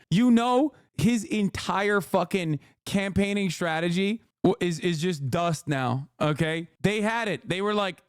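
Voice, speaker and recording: A man streams political reactions, ranting with profane, fired-up energy. His voice sits high, with a smooth, clear tone. The sound is dry and close. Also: measured pace, no room sound. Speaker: streamer host. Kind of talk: live political reaction commentary.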